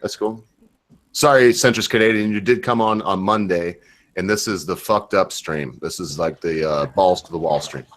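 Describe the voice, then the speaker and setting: A man's voice: sits low, moderate pace, slight background noise. A drunk man from Michigan hosting a casual livestream chat, crude and rambling. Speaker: livestream host.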